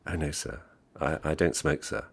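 A man reading aloud voices a young Swiss waitress in a station cafe, formal and polite, whose English is a foreign tongue, in a husky, creaky, deep voice. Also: normal speed, heavily acted. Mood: politely refusing. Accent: speaks English as a foreign tongue. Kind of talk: audiobook reading.

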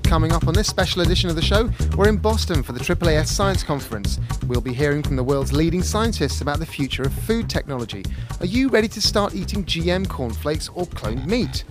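A man's voice: a little high, expressive, a little fast, few pauses, music in the background. A man hosting a science podcast from a café, presenting a scripted show with a wry, joking delivery. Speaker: podcast host.

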